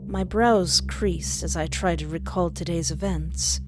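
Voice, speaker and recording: A woman narrating a first-person story in a measured, hesitant way, pausing often. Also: fairly low pitch, over music. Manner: slow, measured reading with hesitant pauses.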